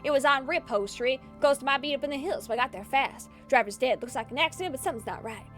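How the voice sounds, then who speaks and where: A woman doing a hard-boiled noir detective with a high, light voice, reporting a case in a clipped, old-timey drawl. Faint game music plays underneath. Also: fast, natural voice. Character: hard-boiled 1940s male-style detective narrator.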